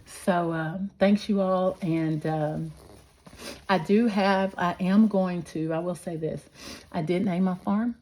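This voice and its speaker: A woman's voice: lowish voice, fairly even intonation, takes it slowly, a little mellow. A middle-aged woman, chatting earnestly and rambling to her viewers with lots of fillers. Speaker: vlogger. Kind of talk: casual chat to viewers.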